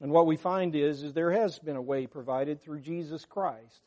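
A man with a fairly high, steady, slightly mellow voice preaches at normal speed to his congregation. Speaking unscripted and directly to them, he is earnest and emphatic, growing more forceful when quoting scripture.

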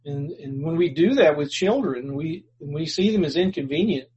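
A man delivers a sermon in an earnest, plainspoken manner, pausing and restarting words as he explains scripture. His voice sits fairly high for a man and is very breathy and husky throughout. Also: animated, a little mellow, muffled recording. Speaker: preacher.

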